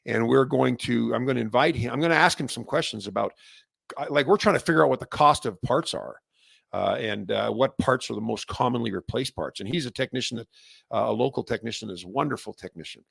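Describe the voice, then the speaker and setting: A man from Canada with a Canadian accent, hosting a casual solo industry update, rambling with restarts and growing animated when fired up. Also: mid-range voice, fairly quick, vocal fry, slightly rough, dry recording, studio quality. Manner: rambling, many restarts and fillers. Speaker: host.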